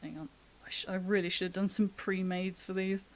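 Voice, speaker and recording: A woman from the United Kingdom gives a casual live-streamed drawing tutorial, an artist chatting and thinking aloud as she sketches, laughing often. Her medium-pitched voice is level in tone and fairly quick.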